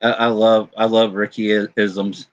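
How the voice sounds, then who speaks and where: A man's voice: fairly low pitch, flat delivery, normal speed, dry recording, highs cut off. A man on a casual live chat who talks in an easygoing, chuckling way.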